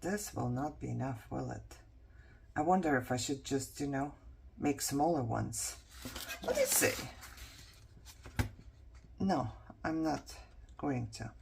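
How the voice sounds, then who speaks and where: A woman's voice: very deep voice, expressive, slow, gravelly, pauses often, a little mellow, a little hiss or hum. A woman vlogger chatting casually to herself and viewers as she works on a craft project, joking about how tired she is. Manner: chatty, self-mocking, talks to herself while working.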